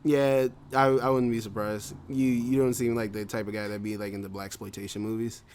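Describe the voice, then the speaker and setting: A man's voice: lowish voice, level tone, a little fast, darkish tone, a little hiss or hum. A man co-hosting a casual podcast, rambling with many fillers and frequent laughs. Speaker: podcast co-host. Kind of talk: casual chat.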